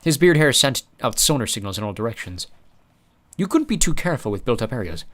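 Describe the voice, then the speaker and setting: A male narrator reading an audiobook. His storytelling is expressive, with a lively, varied pitch in a middle register. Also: brisk. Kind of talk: scripted narration.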